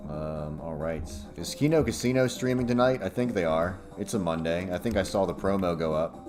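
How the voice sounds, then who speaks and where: A man's voice: low-pitched, fairly quick. A young man chatting casually and profanely on a livestream, rambling and laughing often. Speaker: streamer. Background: music playing.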